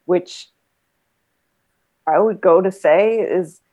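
A woman's voice: fairly low pitch, drawn-out words, dark tone, highs cut off. A woman in casual conversation, a former trauma nurse and body therapist who talks reflectively, rambling with many fillers.

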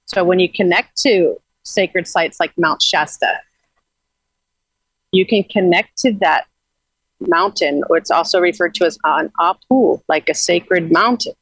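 Earnest, low-voiced woman on spiritual growth. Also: measured pace, dry recording, poor audio. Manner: earnest, rambling, with restarts. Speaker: guest. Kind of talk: casual spiritual talk.

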